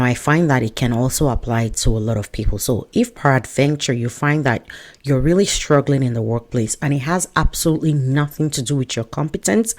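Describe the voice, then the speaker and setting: A woman, a career coach giving advice straight to camera in a chatty, animated way with joking asides. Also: rumbling low. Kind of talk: direct-to-camera advice talk.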